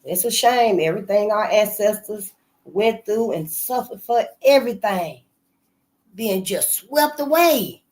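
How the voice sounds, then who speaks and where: A woman's voice: mid-range voice, animated, unhurried, darkish tone. Woman in loose, rambling casual talk. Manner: loose, conversational, trailing off and repeating phrases. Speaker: channel host. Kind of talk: casual spoken commentary.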